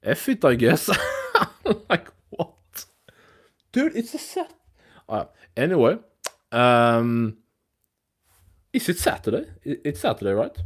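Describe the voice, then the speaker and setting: A man hosting a live stream, chatting loosely and thinking out loud. His talk is rambling, full of restarts and casual swearing. His pitch sits in an ordinary middle range for a man. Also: wildly swooping pitch, takes it slowly, long pauses. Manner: rambling, loose and profane, with frequent restarts and fillers. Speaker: host of a live MMA news stream.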